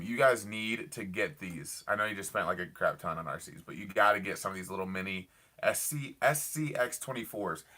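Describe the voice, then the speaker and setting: This is a young man with a low, bright voice chatting to his live stream viewers from a parked car late at night. He is enthusiastic and rambling, circling back with "I love it" and "I don't know" as he answers comments. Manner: enthusiastic, rambling, lots of fillers and repeats. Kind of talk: casual live stream chat reading comments.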